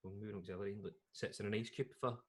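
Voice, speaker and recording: Rambling young Scottish man, low voice. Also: steady tone, racing, darkish tone. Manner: rambling, restarts and trails off, laughs often. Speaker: podcast co-host. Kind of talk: casual chat.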